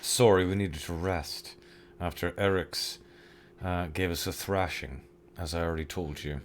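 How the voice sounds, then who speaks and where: Low-voiced dude playing a tabletop game, goes all polite and persuasive in character. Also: male voice, fairly even intonation, a little slow, a little hiss or hum. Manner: courtly and persuasive when in character. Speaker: player.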